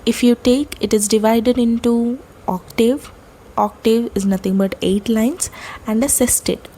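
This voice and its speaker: A woman giving a lecture, explaining poetic terms step by step, with fillers and pauses. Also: fairly high pitch, steady tone, warm tone, slightly rough, low-quality recording.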